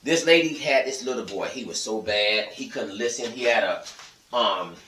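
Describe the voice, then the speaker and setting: A man's voice: fairly low pitch, moderate pace, pushed and bright, echoey room, distant mic, slight background noise, rough recording. A man telling stories and ranting to his viewers in a blunt, profane, emphatic way. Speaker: vlogger. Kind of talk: casual storytelling monologue.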